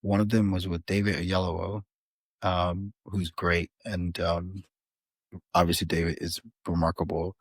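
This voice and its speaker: A man, a podcast guest, telling an animated story in a casual interview, with frequent restarts. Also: low-pitched, unhurried, breathy edge, no room sound. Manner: animated, many restarts and fillers. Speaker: podcast guest, author and filmmaker.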